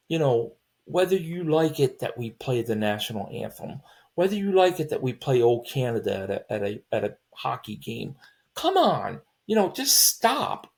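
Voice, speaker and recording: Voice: mid-range voice, a little mellow. A podcast host in a casual sports chat, rambling with many restarts, opinionated and exasperated. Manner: rambling, with frequent restarts and fillers.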